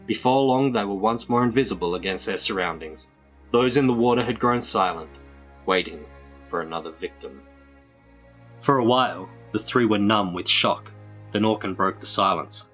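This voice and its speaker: A man reading a children's adventure book aloud in a measured storytelling manner. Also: fairly low pitch, fairly bright tone, soft background music. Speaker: storybook reader.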